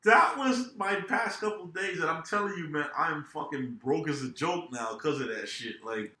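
A man hosting a podcast, telling a story in an animated, profane and laughing way. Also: a little high, normal speed. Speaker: podcast host. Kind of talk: casual storytelling. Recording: echoey room.

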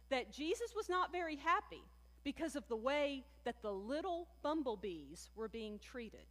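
Here a woman preaches to her congregation like she's chatting with friends, hitting important words with lively emphasis. The high, bright voice carries a long hall reverb, giving the sense of a large sanctuary.

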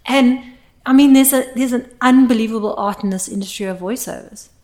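A woman's voice: fairly high pitch, brisk. Emphatic woman sound engineer chatting. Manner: animated, emphatic, laughs often. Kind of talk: casual podcast chat.

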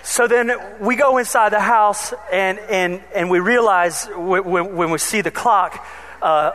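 High-voiced preacher telling a story. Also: male voice, brisk. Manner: animated, humorous storyteller. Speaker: pastor. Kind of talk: sermon with personal storytelling.

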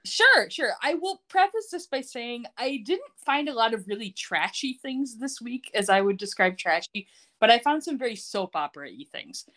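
A woman's voice: fairly high pitch, big pitch swings, moderate pace, a bit bright. A woman co-hosting a podcast, chattily recapping a TV episode and laughing often. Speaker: podcast co-host. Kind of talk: casual chat recapping a TV show.

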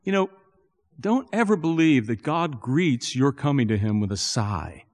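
Male pastor, earnest sermon delivery with rising emphasis; medium-pitched voice with long hall reverb. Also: measured pace. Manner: earnest, building to animated emphasis.

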